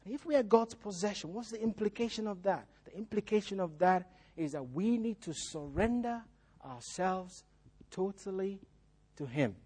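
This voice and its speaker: A man's voice: sits high, animated, normal speed, dark tone, slightly rough. A male preacher giving a sermon in a church, repeating key phrases and putting rhetorical questions to the congregation.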